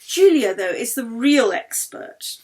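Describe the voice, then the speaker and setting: A woman voicing a gracious, gentle older baroness who lives in pain, speaking politely. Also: fairly high pitch, big pitch swings, slow pace.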